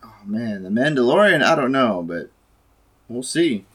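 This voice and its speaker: A man's voice: mid-range voice, sing-song, normal speed, fairly bright tone, breathy edge. A young man in a casual podcast chat, playful and joking. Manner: playful, does silly voices.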